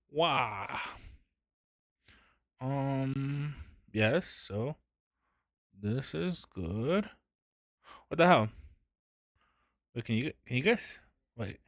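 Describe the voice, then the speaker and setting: A man's voice: medium pitch, a bit bright, no room sound, studio quality. A man streaming a game, talking casually, joking and swearing in mock outrage. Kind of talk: casual gaming commentary.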